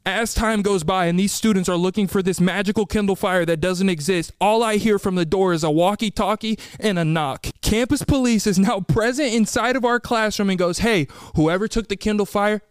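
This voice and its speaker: A man's voice: sits high, clear, resonant tone, no echo, clean studio sound. A young man hosting a podcast, telling a story animatedly and acting out other people's lines. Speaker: podcast host.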